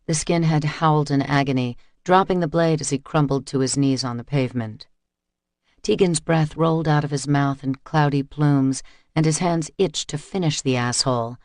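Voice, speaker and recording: A man reading an audiobook in steady, measured scripted narration, recorded close on a studio mic. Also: a little high, no echo.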